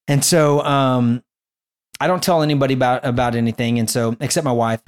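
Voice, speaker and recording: A young man telling a personal faith story in casual chat, animated and rambling with many restarts. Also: medium pitch, brisk, clear, resonant tone.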